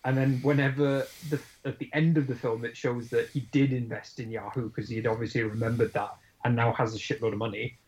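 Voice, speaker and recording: A man's voice: mid-range voice, level tone, brisk, few pauses, darkish tone, poor audio. A man co-hosting a podcast, discussing a film in a thoughtful, analytical way with some hesitation. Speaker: podcast co-host.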